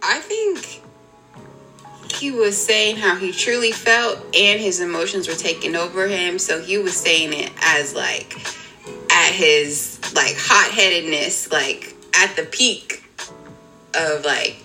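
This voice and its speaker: A young woman chats casually as a podcast co-host, her voice bright and forward. She laughs often and talks in an animated, expressive way, with faint music underneath. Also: lowish voice, takes it slowly, rough recording. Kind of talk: casual chat.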